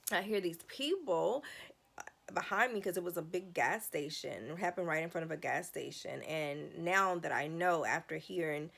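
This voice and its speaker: Woman vlogger, low voice with heavy fry, emotional rambling storyteller. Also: moderate pace, a bit bright. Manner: emotional, rambling retelling with restarts. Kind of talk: casual story time.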